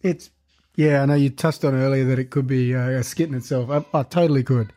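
A man co-hosting a podcast, chatting casually about a movie in a relaxed way, with dry teasing. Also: medium pitch, brisk. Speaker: podcast co-host.

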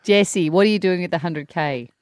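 A woman's voice: lowish voice, moderate pace, a little mellow, dry recording, studio quality. A woman co-hosting breakfast radio, cheeky and giggly in playful banter.

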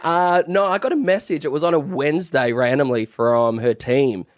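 A man's voice: a little high, moderate pace, no room sound. Wry young Australian man, dry studio. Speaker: guest. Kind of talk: casual radio chat.

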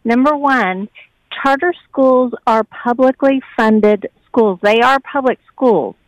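A woman's voice: on the high side, slow, no echo, lo-fi sound. A woman calling in to a talk radio show, making organized, assertive points. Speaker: caller.

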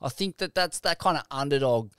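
Slangy Australian man, smooth voice. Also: a little high, lively intonation, brisk, no room sound, clean studio sound. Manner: enthusiastic, slangy commentary. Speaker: podcast co-host. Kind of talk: casual surf talk.

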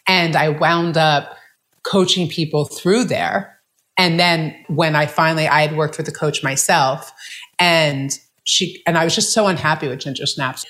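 Low-voiced chatty woman coach. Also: steady tone, unhurried, fairly bright tone. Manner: chatty, many fillers like "like" and "right?". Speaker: guest, mindset coach. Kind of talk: casual conversational storytelling.

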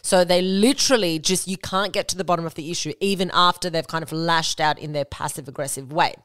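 A young woman hosts her own podcast in a loose, candid way, swearing without a second thought. Her voice sits a little low. The recording is dry, with no room sound. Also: brisk, fairly bright tone, no room sound. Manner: candid and blunt, swears freely, acts out quoted lines. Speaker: podcast host. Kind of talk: casual solo podcast talk.

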